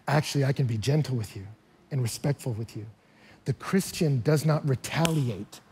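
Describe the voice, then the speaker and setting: A male pastor preaching a sermon, emphatic and energetic, his voice jumping high and loud on key phrases. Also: slightly rough. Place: church hall.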